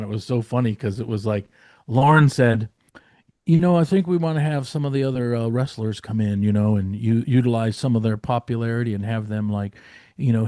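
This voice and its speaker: A man spins a loose, rambling backstage story, stuffed with "like" and "you know" and the odd curse. His voice sits at an ordinary middle pitch. The recording is dry and close, with no room sound. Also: darkish tone, no echo. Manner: rambling, many fillers and restarts, swearing. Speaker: guest writer. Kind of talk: casual storytelling.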